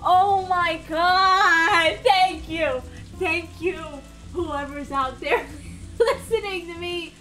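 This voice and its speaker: A woman streaming a video game live, commenting excitedly and talking straight to her chat. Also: very high voice, very slow, faint music behind.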